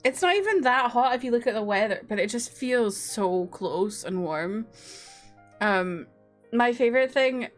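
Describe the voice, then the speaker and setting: A woman's voice: a little high, animated, a little slow, soft background music. A young woman with a Scottish accent, chatting casually with her livestream chat from home, laughing and swearing now and then. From Scotland. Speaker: streamer. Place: home room.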